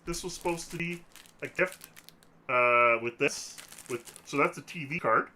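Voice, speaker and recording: A man's voice: fairly high pitch, measured pace, pushed and bright, slight background noise. A man hosting a casual podcast, joking and rambling, laughing often, talking into a desk microphone. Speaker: podcast host.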